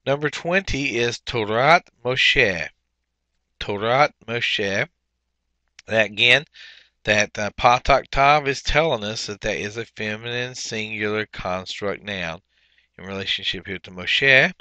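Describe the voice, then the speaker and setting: A man's voice: on the low side, slow pace, pushed and bright, dry recording. A man teaching a language workbook lesson, explaining step by step with frequent fillers. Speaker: Hebrew teacher.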